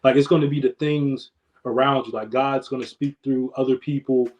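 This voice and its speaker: A man's voice: mid-range voice, fairly even intonation, normal speed, dull audio. Laid-back young man telling a story. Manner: laid-back slangy storytelling, trailing off quietly. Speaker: podcast guest. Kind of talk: casual chat.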